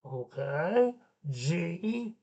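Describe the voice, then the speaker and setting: Slow, playful man hosting a kids' show. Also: on the high side, very animated, vocal fry, dark tone, slightly rough. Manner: goofy, playful banter with puppets. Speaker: children's show host and teacher. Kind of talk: children's show with puppets.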